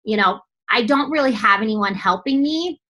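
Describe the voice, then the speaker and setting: A young woman coach giving a blunt, lively motivational talk to her team, swearing often and mimicking others in quick asides. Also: on the high side.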